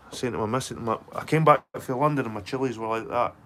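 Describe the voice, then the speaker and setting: This time the middle-aged allotment vlogger talks fast in a medium-pitched, fairly bright voice, casually chatting to live viewers outdoors via his phone mic. He's rambling, sweary and matter-of-fact, and there's a little hiss or hum.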